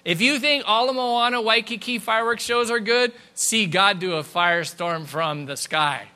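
Bright, lively preaching man. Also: high-pitched, clean tone. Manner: lively, conversational preaching with quick asides. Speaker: pastor. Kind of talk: sermon. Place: church sanctuary.

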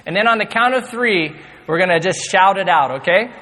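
A pastor opening a sermon, joking with and drawing in the congregation. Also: male voice, sits high, animated, a little fast. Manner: warm, joking, engaging the congregation. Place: large church hall with congregation. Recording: long hall reverb, faint crowd.

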